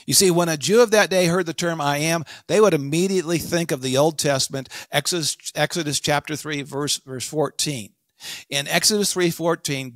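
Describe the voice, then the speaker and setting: A man's voice: on the high side, fairly bright tone, no echo. Emphatic man teaching, dry close sound. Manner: emphatic, addresses listeners directly. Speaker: podcast host. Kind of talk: scripted teaching monologue.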